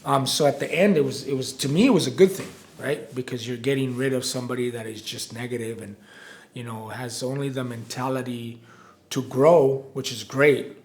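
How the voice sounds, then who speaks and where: A man's voice: mid-range voice, normal speed. A man in his forties, a restaurant operations director, telling stories in a casual interview, rambling and restarting with frequent "right?" tags. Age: 40s.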